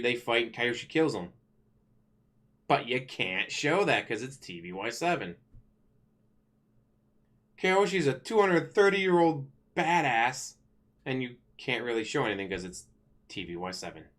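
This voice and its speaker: A man vlogging in a casual, complaining rant, animated and swearing freely. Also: medium pitch, unhurried, pauses often. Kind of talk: casual ranting commentary.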